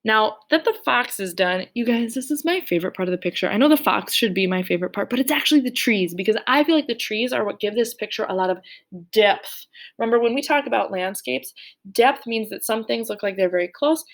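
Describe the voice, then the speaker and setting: Young woman, art teacher, kids' drawing lesson, playful, slightly high voice with gravelly fry. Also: animated, brisk. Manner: cheerful, playful, speaks directly to kids.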